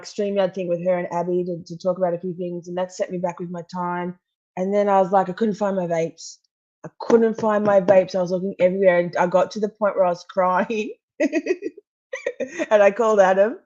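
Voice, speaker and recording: Woman, casual live-stream chat, rambling and laughing, swears freely, medium pitch, slightly dull sound. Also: a little mellow. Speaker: true crime streamer.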